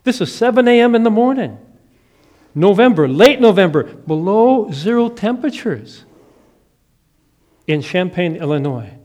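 A middle-aged man from the Upper Midwest preaches through a personal story. His voice sits fairly high for a man. He sinks to near-whispers on the tender moments and swells on the promises. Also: expressive, a little slow, long pauses. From Upper Midwest of the United States. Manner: dramatic storytelling, swinging from hushed to emphatic. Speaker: pastor. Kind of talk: storytelling sermon.

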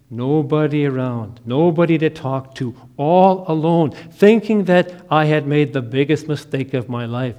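A middle-aged man from the American Upper Midwest preaching a sermon as a personal story, dropping to a hush and then rising to emphatic lines. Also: medium pitch. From Upper Midwest of the United States. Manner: dramatic storytelling, swinging from hushed to emphatic. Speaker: pastor.

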